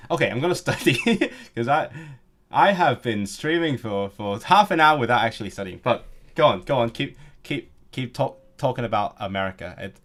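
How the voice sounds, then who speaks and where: A young man, in his late twenties, at a middle pitch. He chats on a live stream and answers viewers in a joking way, tripping over repeated words and restarting his sentences as he goes. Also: fairly bright tone. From Hong Kong. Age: late 20s. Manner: chatty and joking, with frequent stammered restarts. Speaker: language-learning streamer. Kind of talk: casual live-stream chat, reading out viewer comments.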